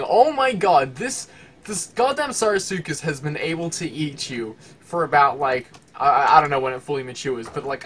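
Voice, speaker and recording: A man giving casual gameplay commentary, excitable, laughing often and talking to the animals in his game. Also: on the high side, slight background noise. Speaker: gaming channel host.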